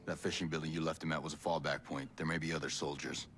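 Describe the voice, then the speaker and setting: An actor playing a gruff soldier in a video game who gives urgent orders, heard from afar with music behind him. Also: male voice, rumbling low, little pitch movement, quick pace, a bit bright. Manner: urgent, commanding.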